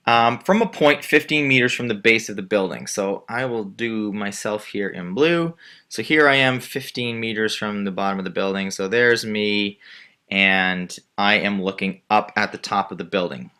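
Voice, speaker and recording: In a screen-recorded math lesson, a male teacher with a fairly low pitch and a sharp tone patiently works through a word problem. He goes step by step while drawing a diagram.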